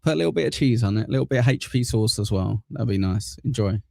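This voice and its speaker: A man's voice: medium pitch, lively intonation, fast talker, creaky, darkish tone. A man hosting a casual livestream, chatting and joking as he reads viewer comments aloud, dropping in crude insults. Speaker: livestream news show host. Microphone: desk mic in front of a green screen.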